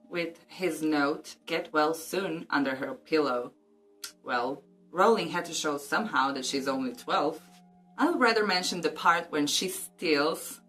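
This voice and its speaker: A woman vlogger with a low voice chats casually about a book and reads passages aloud. She drops in joking, cheeky asides, with faint music behind her. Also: fairly bright tone.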